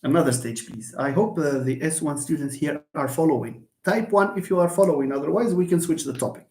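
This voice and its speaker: A man's voice: a little high, brisk, a little mellow. A man teaching English in a live online lesson. He explains patiently, repeats examples and answers students by name. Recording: echoey room.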